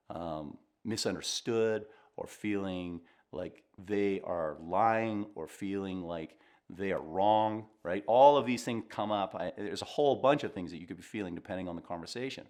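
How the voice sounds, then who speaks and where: A middle-aged man, a communication coach, giving earnest, reflective advice straight to camera in a calm way. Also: lowish voice, moderate pace.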